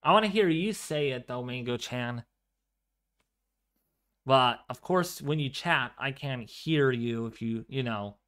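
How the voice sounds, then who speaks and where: A man hosting a live severe weather stream, commenting excitedly on radar and storms and repeating his phrases. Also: mid-range voice, a little slow. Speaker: livestream weather host.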